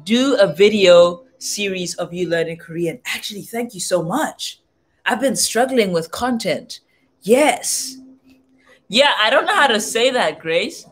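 Slow-talking playful young woman vlogger. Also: mid-range voice, lively intonation. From southern Africa. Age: young adult. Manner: playful, sounds out foreign phrases slowly. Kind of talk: casual livestream chat. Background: faint music playing.

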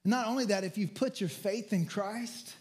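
Pastor, male, high tenor, earnest sermon delivery with restarts. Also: moderate pace. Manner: acts out quoted lines with rising pitch.

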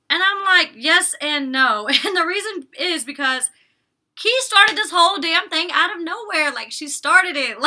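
Young woman, vlogger, very bright tone, slightly high voice, chatty, opinionated, casual cursing. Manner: chatty and opinionated, recaps scenes with quoted lines, curses casually. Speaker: reality show reviewer. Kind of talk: casual recap vlog.

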